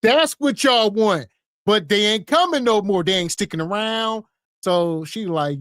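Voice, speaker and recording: A man co-hosting a podcast who gives blunt, slangy reactions in a drawn-out delivery. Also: sits high, lively intonation, a bit bright, no echo, clean studio sound. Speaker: co-host reacting to a clip. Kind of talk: casual podcast reaction chat.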